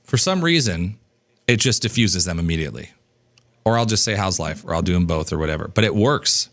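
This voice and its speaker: A man in his thirties teaching business coaching in an energetic, casual way, acting out snippets of dialogue and swearing now and then. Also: brisk. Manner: animated, acts out dialogue in a higher voice, casual swearing.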